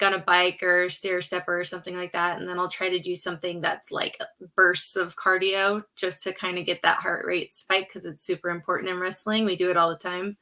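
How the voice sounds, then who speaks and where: Bright-voiced woman answering matter-of-factly. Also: on the low side. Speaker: professional wrestler guest. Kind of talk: casual podcast interview.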